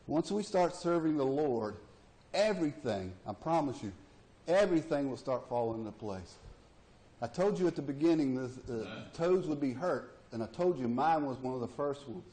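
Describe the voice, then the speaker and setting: A man's voice: mid-range voice, a little mellow. A middle-aged man, preaching a sermon in a folksy, plainspoken way and acting out the voices in his stories. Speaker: pastor. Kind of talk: sermon with storytelling.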